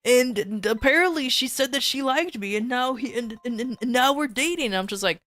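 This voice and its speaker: A woman's voice: high-pitched, fairly quick, dry recording. A woman streamer casually telling a long personal story, rambling with frequent restarts and voicing the people she quotes. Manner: animated when quoting others.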